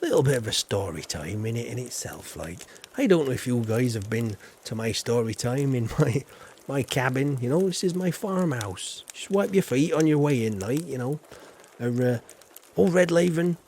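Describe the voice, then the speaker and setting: A man's voice: medium pitch, big pitch swings, normal speed, a little mellow, slight background noise. A man chatting casually on a live game stream, rambling and reading chat aloud.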